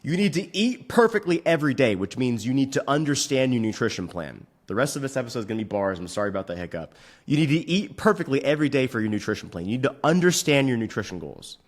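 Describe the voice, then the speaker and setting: A man hosting a fitness podcast, giving blunt, profane advice in a casual way and venting at his software. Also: mid-range voice, big pitch swings. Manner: profane, frustrated rants; blunt, rapid instructions. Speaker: fitness coach and podcast host.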